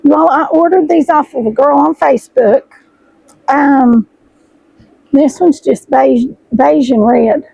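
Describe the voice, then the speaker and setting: A middle-aged woman, chatting excitedly to her viewers as she unboxes fabric, her voice hoarse and froggy. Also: high voice, slow, no echo, highs cut off. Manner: chatty, gushing, addresses viewers as y'all. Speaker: sewing vlogger host. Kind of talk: casual chat while unboxing fabric.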